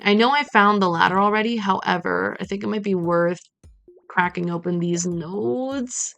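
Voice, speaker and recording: A woman's voice: fairly low pitch, moderate pace, a bit bright. A woman streaming a farming game, chatting playfully and muttering to herself as she plays. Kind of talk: casual gameplay commentary.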